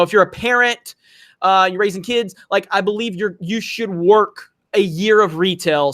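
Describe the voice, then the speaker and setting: A man's voice: high voice, a bit bright, dry recording, clean studio sound. A man hosting a livestream, ranting animatedly in casual, profane chat. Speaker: livestream host.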